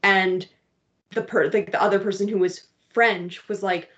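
A woman's voice: mid-range voice, steady tone, a little slow, fairly bright tone, muffled recording. A woman from Canada with a Canadian English accent, telling a story in casual chat and laughing as she goes.

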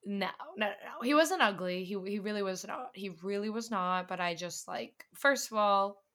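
A woman's voice: medium pitch, moderate pace, fairly bright tone. A young woman from the northern US co-hosting a podcast in casual chat, chatty and self-deprecating, laughing often. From northern United States. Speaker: podcast co-host.

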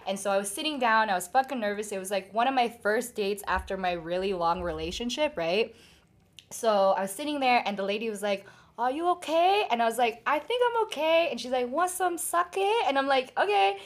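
A woman's voice: mid-range voice, quick pace. A young woman hosting a loose, casual chat. She talks bluntly and swears freely, and she laughs often between stories.

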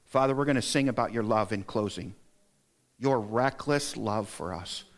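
A middle-aged male pastor giving an earnest, exhorting sermon in a church, lifting his voice to stress his points. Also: normal speed. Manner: earnest and exhorting, lists points, rises in pitch to stress them. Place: church sanctuary.

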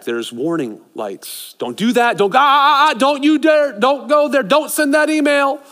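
A middle-aged male pastor preaching a sermon with a slightly high voice. He swings from loud, excited bursts down to hushed, intimate asides. His words ring out with a long echo in a large church hall.

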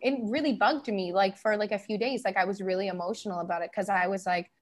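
A woman from Canada telling stories in a casual chat, acting out the people she quotes and laughing often. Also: fast talker. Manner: animated, acts out quoted people in higher voices, laughs often.

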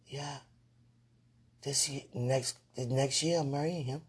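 Woman, very husky breathy voice, casual faith chat to viewers, sleepy, drifts into whispers. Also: extremely low pitch, slow, pauses often. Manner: sleepy, yawning, animated bursts. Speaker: online talk host.

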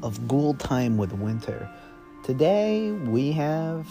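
A young man narrates an improvised story to his listeners, rambling and correcting himself as he goes. His pace is slow and easygoing. Faint music plays quietly underneath. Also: mid-range voice, sing-song. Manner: rambling, self-correcting, casual. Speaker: podcast storyteller.

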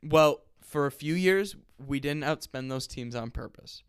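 A man's voice: a little high, a little slow, smooth, no echo, clean studio sound. A man co-hosting a casual sports podcast, upbeat, who likes to argue the other side. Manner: upbeat, reasoning, plays devil's advocate. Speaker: podcast co-host.

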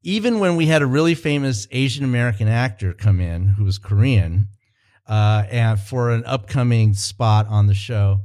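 Man, mid pitch, casual interview, rambling, frequent restarts, consultant. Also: normal speed, darkish tone. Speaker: cultural consultant and consulting producer.

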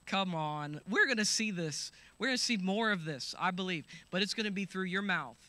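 Bright-voiced man preaching a sermon. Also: high voice, expressive, moderate pace. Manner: reads scripture aloud and shouts the healing commands; calls out to the congregation with hallelujahs.

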